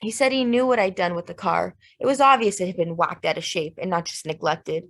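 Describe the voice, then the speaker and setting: A woman narrating a literary audiobook in a steady, measured, plain way. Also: on the low side.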